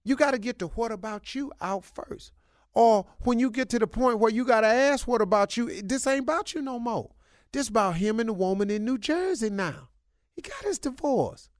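A middle-aged male radio host hands out relationship advice in a preachy, emphatic voice, hammering points home by repeating them. His voice sits high for a man. The sound is dry and close, with no room around it. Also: brisk, no room sound. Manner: preachy, emphatic, colloquial, repeats himself for punch. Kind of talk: animated advice talk.

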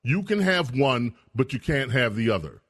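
A man hosting a political talk radio show, speaking in an animated, indignant way with frequent restarts. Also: mid-range voice, moderate pace, slightly rough.

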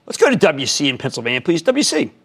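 A man in his sixties hosting a stock market show, delivering commentary and answering callers in an emphatic way, dropping from loud to hushed. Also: a little high, huge pitch swings, husky. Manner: emphatic, rapid shifts between loud and hushed.

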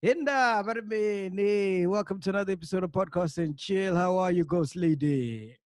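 A man's voice: high voice, moderate pace, dry recording. A man co-hosting a podcast in casual chat, loose and frustrated, often saying "man" and "like". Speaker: podcast co-host.

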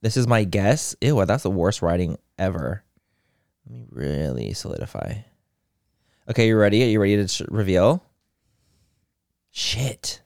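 A man's voice: on the low side, normal speed, vocal fry, long pauses. A man in a podcast studio playing trivia, his voice leaping wildly up and down as he argues over every point. He is fiercely competitive and curses freely. The sound is dry and close, with no room echo. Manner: competitive, swears a lot, animated. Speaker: podcast co-host. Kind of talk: casual trivia banter.

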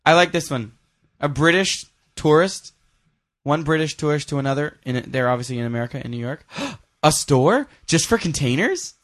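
A man hosts a loose podcast chat in a somewhat high voice, teasing his co-host and reading out one-liners. His tone is playful and offhand. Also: expressive, normal speed, a bit bright. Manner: teasing, jokey, reads one-liners aloud.

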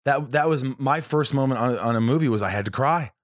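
A man's voice: mid-range voice, quick pace, no room sound, studio quality. A man hosting a casual podcast, sharing rambling, chatty stories with his guest. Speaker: podcast host.

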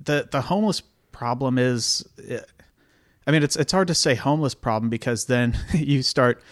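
A man hosting a podcast in casual chat, rambling and halting with many restarts. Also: medium pitch, no echo, clean studio sound. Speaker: podcast host. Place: New York apartment.

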